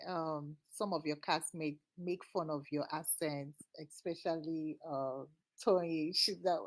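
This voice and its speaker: A woman who hosts a podcast, asking a guest questions and pausing often with um and uh. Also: fairly low pitch, rough recording. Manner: hesitant, pauses with um and uh. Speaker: podcast host. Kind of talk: interview questions.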